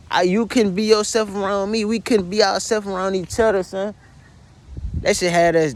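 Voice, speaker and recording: A young man, tearfully venting in a profane, repetitive confessional monologue from his bedroom. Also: high voice. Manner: distraught, addresses listener as "son" constantly, profane, repetitive. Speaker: vlogger.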